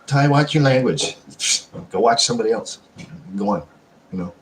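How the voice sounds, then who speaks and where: A man's voice: medium pitch, lively intonation, moderate pace, a little hiss or hum. A man hosting a live stream at home, chatting casually with viewers, rambling and swearing constantly while answering chat messages. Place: at home, seated.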